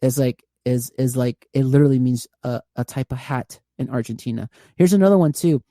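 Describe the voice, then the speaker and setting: Rambling mellow-voiced man telling stories. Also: medium pitch, brisk, no echo, clean studio sound. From California, USA. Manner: rambling storyteller, heavy use of "like", laughs often. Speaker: podcast guest. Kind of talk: casual chat.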